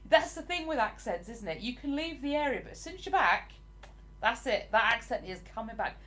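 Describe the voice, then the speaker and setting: A woman's voice: high-pitched, very animated, moderate pace, fairly bright tone. A young woman, chatting casually on a home live stream as she reads out viewer comments, rambling a little with plenty of ums. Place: at home in a living room.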